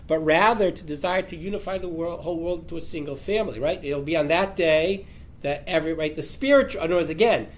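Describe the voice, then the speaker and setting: A man's voice: fairly high pitch, fast. Man teaching a Talmud class, questioning. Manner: reads the text aloud, then explains it with rhetorical questions.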